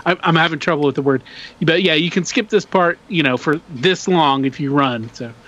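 A man's voice: a little high, normal speed, a bit bright, highs cut off. A man in casual chat, rambling and stumbling over a word.

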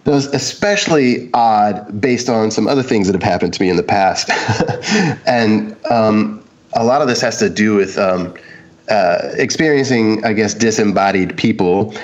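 A man's voice: fairly low pitch, unhurried, highs cut off. A man casually telling a personal story, meandering with lots of ums and likes and acting out the quotes. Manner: meandering, many "um"s and "like"s, acts out quotes. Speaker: guest sharing a personal story.

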